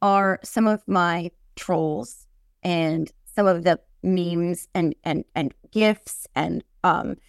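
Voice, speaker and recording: A woman hosting a casual podcast chat, sarcastic and joking in quick riffs. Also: on the low side, gravelly, smooth, no room sound, studio quality. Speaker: podcast host.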